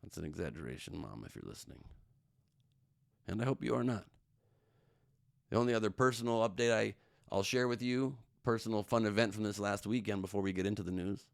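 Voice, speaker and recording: Middle-aged guy doing a solo podcast, lowish voice, smooth and dry, jokey and rambly. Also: fairly even intonation, brisk, no echo. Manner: joking, rambling, self-mocking asides. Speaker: podcast host. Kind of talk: solo comedic news podcast monologue.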